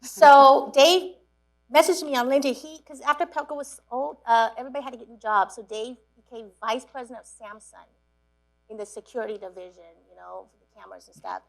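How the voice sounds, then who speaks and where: A woman from Cambodia telling stories to students, lively, laughing often and acting out what people said. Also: high-pitched, brisk. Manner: lively storyteller, acts out quotes, laughs often. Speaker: guest speaker. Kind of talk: storytelling talk to students.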